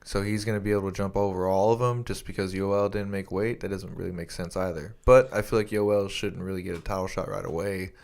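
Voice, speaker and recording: A young man with a fairly low voice chats loosely on a podcast. He rambles, restarts his sentences and swears freely as he talks. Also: steady tone, fairly quick, gravelly, few pauses, a little mellow. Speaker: podcast co-host. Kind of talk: casual chat.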